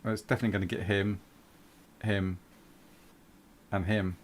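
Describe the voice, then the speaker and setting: A man's voice: on the low side, flat delivery, moderate pace, slight background noise. A man running a tabletop role-playing game as game master, patiently explaining the rules in a matter-of-fact way.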